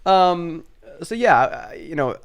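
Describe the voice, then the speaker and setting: A young man co-hosting a podcast, telling a childhood story in a casual, animated, self-mocking way. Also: a little high, slow pace, clear, resonant tone. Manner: animated, self-mocking storyteller who acts out family voices. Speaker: podcast co-host.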